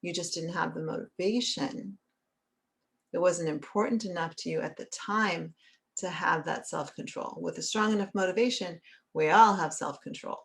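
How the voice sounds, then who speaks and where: A woman's voice: on the low side, moderate pace, vocal fry. A middle-aged woman therapist talking in a conversational, earnest way, often checking in with "right?". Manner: earnest, often asks "right?" and acts out little quotes. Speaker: licensed therapist and author. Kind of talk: conversational teaching talk.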